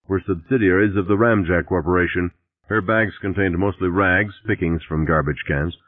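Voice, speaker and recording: This deep-voiced man narrates an audiobook, giving the novel's first-person voice a dry, wry edge. There's no echo, and the sound is tinny, dry and lo-fi.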